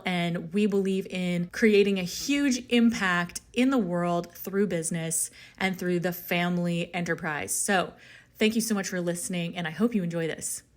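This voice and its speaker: A woman's voice: fairly low pitch, dry recording. An out-of-breath woman hosting a podcast, chatting casually and encouragingly while walking outdoors, recorded on a phone. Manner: upbeat, encouraging. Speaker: podcast host. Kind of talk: casual stream-of-consciousness talk. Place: outdoors on a walk up a hill.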